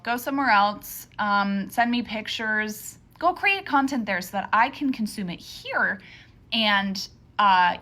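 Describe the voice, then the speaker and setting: A woman's voice: medium pitch, a bit bright. A woman ranting to the camera in a sarcastic, exasperated comic tone.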